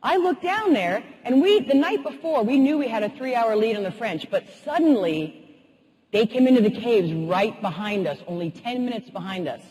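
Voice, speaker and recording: Woman motivational speaker, keynote storyteller, animated and funny, husky voice, long hall reverb. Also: fairly high pitch, moderate pace. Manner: lively, humorous, animated.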